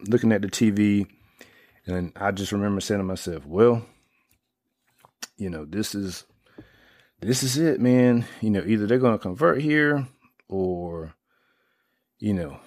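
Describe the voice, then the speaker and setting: A middle-aged man rambles through casual sports talk, full of fillers and restarts, and gets excitable as he retells plays. His voice is low, with no room sound.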